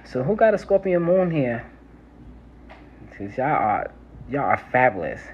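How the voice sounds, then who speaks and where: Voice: mid-range voice, big pitch swings, measured pace. New York accent, laid-back live-stream chat, laughs a lot, slightly muffled phone audio, faint city noise. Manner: chatty, laughs often, says "y'all". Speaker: herbalist hosting a live stream. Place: city home near a train line. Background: faint trains and street sounds.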